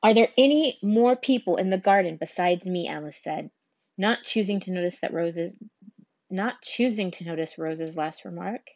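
A woman reading a children's storybook aloud, unhurried, now and then stumbling and restarting a word. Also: mid-range voice, darkish tone, no echo, highs cut off. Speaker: reader.

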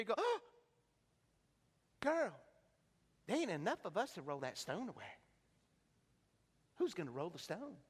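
A pastor preaching an impassioned sermon, swinging from hushed to shouting. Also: male voice, high voice. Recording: long reverb of a large hall.

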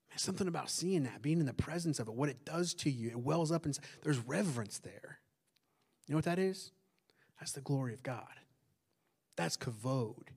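A male pastor, preaching in a loud, conversational way that keeps asking the congregation questions and drops into hushed tones for emphasis. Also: on the high side, breathy edge. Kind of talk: conversational sermon.

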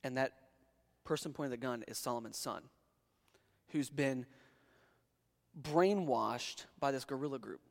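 A man's voice: mid-range voice, measured pace, vocal fry, long pauses, in a large hall. A young man preaching a sermon, talking conversationally with restarts and building to emphatic peaks. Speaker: pastor.

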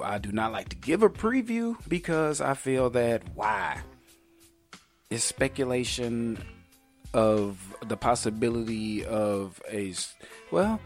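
A man hosting a podcast, chatting casually and jokingly, with frequent ums and uhs. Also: mid-range voice. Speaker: podcast host.

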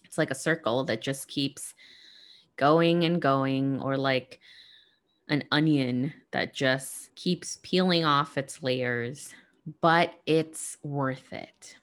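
A woman hosting a reflective spiritual monologue, speaking gently and earnestly to her listeners. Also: a bass voice, takes it slowly. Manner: gentle, soft-spoken, earnest.

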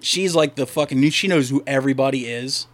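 This young Delaware man co-hosts a podcast, spinning long, profane, rambling stories in casual chat. He speaks briskly in a mid-range voice.

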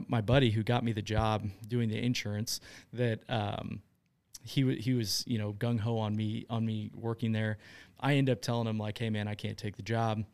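Chatty man with a low, smooth, dry voice. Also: dry recording. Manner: chatty, laughs often while telling stories. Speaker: business owner, guest. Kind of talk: casual storytelling in an interview.

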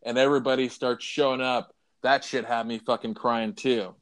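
Smooth-voiced man, swearing, emotional. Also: mid-range voice, flat delivery, moderate pace. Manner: emotional, swears freely, retells scenes with quoted lines. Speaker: podcast co-host. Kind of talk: casual chat.

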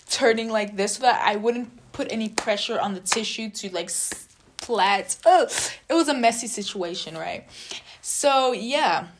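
A young adult woman telling a personal story in a casual vlog, chatty and animated, acting out quoted dialogue. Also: medium pitch. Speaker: vlogger.

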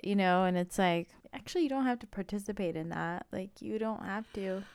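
A woman's voice: mid-range voice, a little fast, few pauses, darkish tone, smooth, no echo, studio quality. A woman co-hosting a podcast in casual chat, easygoing and reflective, with lots of fillers. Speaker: podcast co-host.

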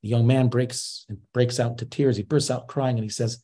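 A man's voice: mid-range voice, steady tone, brisk, few pauses, mellow. A man preaching a sermon, earnestly telling a parable sprinkled with Hebrew and Yiddish terms.

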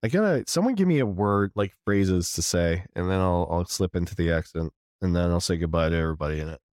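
A man's voice: sits low, lively intonation, fast talker, darkish tone, no echo, clean studio sound. A tired man co-hosting a stream, chatting casually in a rambling, profane way with lots of restarts. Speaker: podcast co-host.

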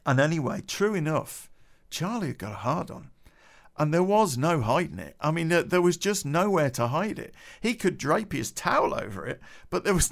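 A middle-aged man tells a personal story for a podcast. His voice swings widely in pitch, and he swears and laughs his way through it with plenty of fillers. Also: vocal fry. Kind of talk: casual anecdote telling.

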